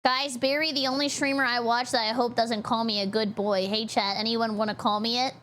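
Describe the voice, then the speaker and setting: A woman streamer chatting casually on a live stream, excitable and giggly, squealing greetings to her chat. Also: a little high, a little fast.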